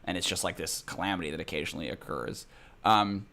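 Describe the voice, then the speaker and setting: Male DM, lowish bright voice, rambling casual narration, faint noise behind. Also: fast, vocal fry. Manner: loose, rambling narration full of likes and fillers. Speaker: dungeon master. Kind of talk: narrating a tabletop game.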